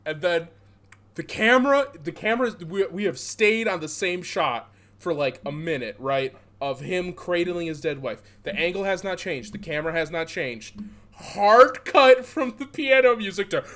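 Bright, animated man telling a story. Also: on the high side, normal speed. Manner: animated, laughing storyteller, many fillers. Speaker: podcast co-host. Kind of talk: casual chat, retelling a film.

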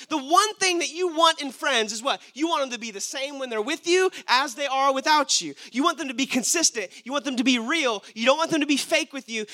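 Bright-voiced emphatic male preacher. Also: extremely high pitch. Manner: emphatic, asks the audience rhetorical questions. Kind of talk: sermon.

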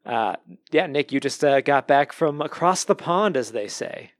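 A man's voice: fairly high pitch, lively intonation, a little slow, dry recording. A man hosting a podcast in casual chat, upbeat and jokey, laughing easily. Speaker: podcast host.

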